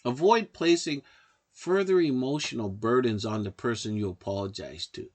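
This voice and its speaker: A man giving instructional narration in a calm, measured voice, advising the listener directly. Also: mid-range voice. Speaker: narrator of a self-help guide.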